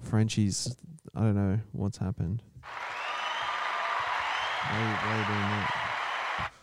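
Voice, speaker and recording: A man's voice: lowish voice, level tone, takes it slowly, a loud crowd, heavy background noise. An Australian man co-hosting a podcast, teasing his co-host with sarcastic ribbing. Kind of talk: casual banter.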